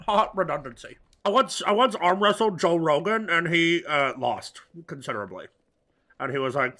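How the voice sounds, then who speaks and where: Bright-voiced man joking through gameplay. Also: fairly high pitch, expressive, brisk. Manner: rambling, absurd off-color jokes. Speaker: gaming video host. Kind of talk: let's-play commentary.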